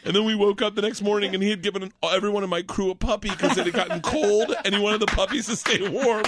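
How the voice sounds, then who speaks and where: A man in his forties, a comedian guest telling stories in an animated, excitable way and acting out voices. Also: high voice, fast. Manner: excitable, acts out voices, laughs mid-sentence. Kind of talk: animated comic storytelling.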